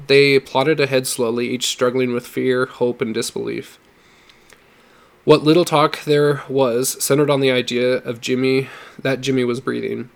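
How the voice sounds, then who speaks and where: A man reading a story aloud in a steady, measured narration. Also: mid-range voice. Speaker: audiobook reader.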